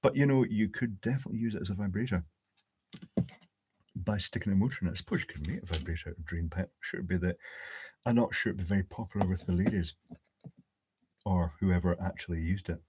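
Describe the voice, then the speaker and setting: A fairly low-pitched man talks through a live electronics build at his workbench, pausing to think aloud and slipping in dry jokes. Faint clicks of tools sit quietly behind his voice. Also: background noise. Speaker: electronics hobbyist host. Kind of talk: live-streamed workbench build, answering chat.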